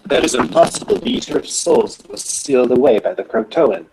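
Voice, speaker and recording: A man's voice: medium pitch, very animated, fairly quick, vocal fry, noisy background. A man voicing a stern female werewolf elder in a tabletop game, speaking curtly and firmly. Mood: shocked. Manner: curt and firm.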